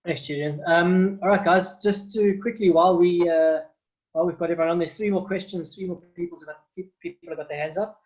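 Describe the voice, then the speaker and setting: A man on a video call, the event organizer, making hurried announcements about the next session. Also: sits high, fairly even intonation, darkish tone, dull audio.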